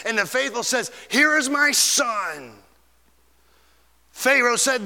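A male pastor preaching a dramatic sermon, swinging from shouts down to hushed whispers. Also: high-pitched, sing-song, takes it slowly, gravelly, long reverb tail.

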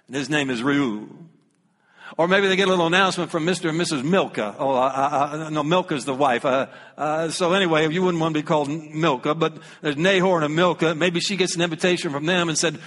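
A man with a Southern US accent preaching in a folksy, joking way, reading scripture aloud between his asides. His voice sits a little high for a man. A long reverb from a church hall trails behind every line. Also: moderate pace, fairly bright tone. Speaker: pastor. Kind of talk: sermon.

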